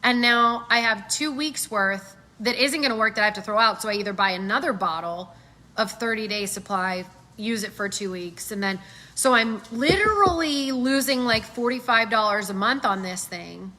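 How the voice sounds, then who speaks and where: A middle-aged woman giving casual sales coaching, animated and acting out customer voices as she talks. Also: a little high, normal speed. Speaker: sales trainer.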